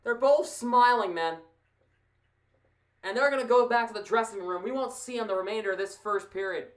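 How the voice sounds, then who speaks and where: A woman giving casual live play-by-play of a hockey game as a fan commentator, excitable and quick to laugh, with chatty asides to a co-host. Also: on the high side.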